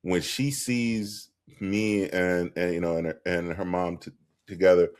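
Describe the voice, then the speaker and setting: A man with a very deep voice talks calmly and reflectively. He speaks in a relaxed podcast conversation. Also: unhurried, clear, resonant tone.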